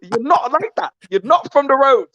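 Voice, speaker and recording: A man putting on a boxing trainer's voice, pitched far above his own, shrill and sing-song, with an exaggerated put-on accent. The figure is excitable and over the top, and the recording sounds dry and dull. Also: moderate pace, no echo, heavily acted. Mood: mocking. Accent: imitated accent.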